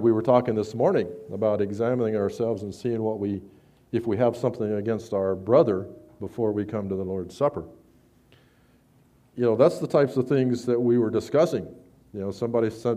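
A man preaching a sermon, conversational with stammered restarts, rising loud when he reads scripture. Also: on the low side, a little fast.

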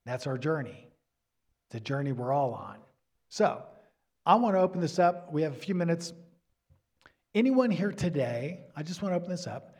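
A man preaching a sermon to a congregation in an earnest way, at times dropping to a soft near-whisper for emphasis. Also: fairly high pitch, sing-song, normal speed, long pauses, slightly rough. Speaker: pastor.

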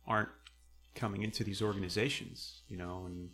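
A young man telling stories in casual conversation, rambling with many fillers and acting out quotes loudly. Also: on the low side, steady tone, a little fast, slight background noise.

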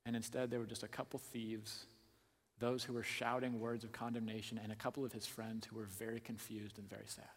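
A man preaching a sermon, asking the listeners direct questions and swinging between hushed asides and loud emphasis. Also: lowish voice. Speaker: pastor. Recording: long hall reverb.

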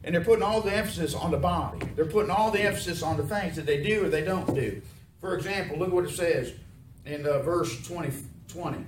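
Folksy preacher, echoey church sound. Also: male voice, a little high, brisk. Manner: folksy, asks the congregation questions. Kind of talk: sermon with call and response. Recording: echoey room, mic from far off, noisy.

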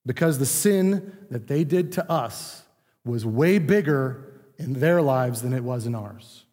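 A man's voice: mid-range voice, lively intonation, slow pace, dark tone. A man preaching a sermon in a conversational teaching manner, acting out what people say. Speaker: pastor. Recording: long reverb of a large room.

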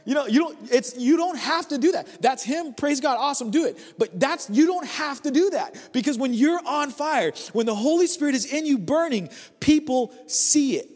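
Guest preacher, man with a high voice, chatty and energetic, repeats lines for punch, long echo of a church hall. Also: moderate pace, few pauses. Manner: conversational and energetic, repeats phrases for emphasis. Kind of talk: sermon. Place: church service.

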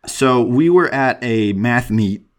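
A man's voice: mid-range voice, animated, takes it slowly. A man hosting a solo podcast from his desk, rambling and self-deprecating with lots of ums and restarts. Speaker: podcast host.

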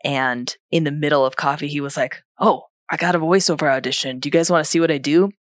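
A woman co-host talks with casual, slangy enthusiasm. Her voice sits deep for a woman, and the sound is close and dry. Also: fast talker, no echo. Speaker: podcast co-host. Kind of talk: casual chat.

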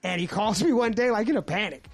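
A man's voice: high voice, quick pace. A man hosting a podcast, telling a story in casual chat with frequent swearing and laughter. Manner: animated, laughing, swears often. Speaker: podcast host.

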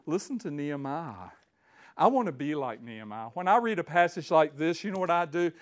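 A man preaching a sermon, reading scripture aloud with slow emphasis and swinging from hushed tones to near-shouting fervor. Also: a little high.

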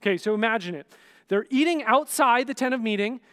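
High-voiced male pastor, conversational sermon. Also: lively intonation, fairly quick, a bit bright. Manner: conversational, checks in with "right?"; dramatic, acts out scenes.

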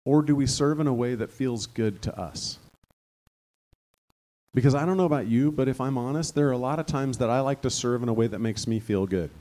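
A man's voice: mid-range voice, brisk, dark tone. Male pastor, mid-range voice, casual conversational sermon with bursts of fervor. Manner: conversational, rising to fervent emphasis.

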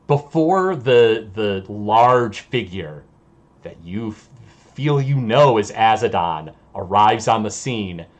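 Husky guy narrating a tabletop game slow, voice goes up and down a lot. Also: fairly low pitch. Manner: slow, deliberate, searching for words. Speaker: game master.

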